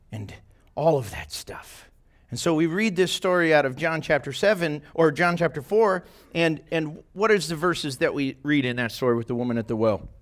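In a church meeting room, a pastor with a fairly high voice delivers a relaxed, informal sermon to a small group while it's live-streamed. He speaks conversationally and often checks in by asking his listeners questions.

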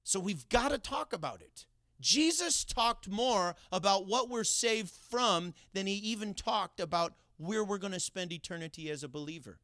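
Animated middle-aged male pastor, high bright voice. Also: normal speed, no room sound, studio quality. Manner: animated storytelling, laughing asides. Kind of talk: sermon with personal story.

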